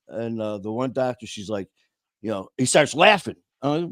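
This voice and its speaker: A man's voice: mid-range voice, lively intonation, fairly quick, dry recording, studio quality. A man hosting a podcast, telling a personal story in an earnest, emotional way and often calling people "man" and "brother". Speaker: podcast host. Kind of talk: casual conversational storytelling.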